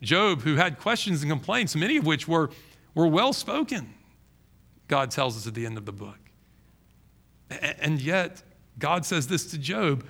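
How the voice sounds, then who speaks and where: A man preaching a sermon as pastor, emphatic and animated, often restarting his phrases. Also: fairly high pitch, measured pace, creaky, pauses often.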